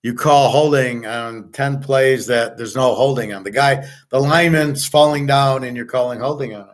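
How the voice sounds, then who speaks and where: Man, casual monologue, blunt, rambling, swears freely, medium pitch. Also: moderate pace. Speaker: host.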